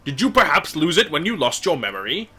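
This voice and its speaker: A man reading out the lines of a kind, stately old fish-folk king from a game, in a formal, measured way. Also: on the high side, big pitch swings, pushed and bright, faint music behind. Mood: solemn, warm.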